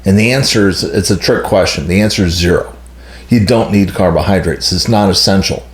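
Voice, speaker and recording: A man's voice: deep voice, fairly quick, reverberant. A man hosting a health channel, explaining in a blunt, emphatic casual monologue that hammers home key points.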